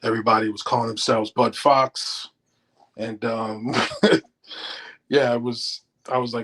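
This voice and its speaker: As a guest in an interview, this middle-aged man, once a stockbroker, spins casual stories and performs the quotes of the people in them. He talks slowly at a medium pitch, pausing often. The recording is rough.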